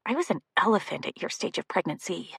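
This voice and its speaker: A woman voicing a fond, gently teasing female friend in an audiobook. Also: on the low side, lively intonation, quick pace, vocal fry, slightly rough, no room sound, clean studio sound, exaggerated voice. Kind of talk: audiobook dialogue.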